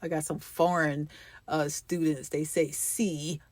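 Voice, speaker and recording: A woman's voice: low-pitched, little pitch movement, slow pace, a little mellow, dry recording. A woman hosting a faith-based motivational podcast. She talks in an emphatic, encouraging way and repeats her key phrases. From United States. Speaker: podcast host.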